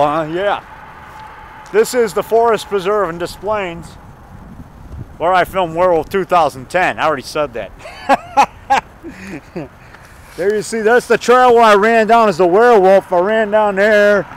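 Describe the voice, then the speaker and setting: A man's voice: sits high, a little slow, pauses often, a little hiss or hum. A man giving a chatty, enthusiastic walking tour of an outdoor forest preserve by a river, repeating himself and chuckling. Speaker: indie horror filmmaker giving a tour. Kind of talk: rambling walking tour vlog.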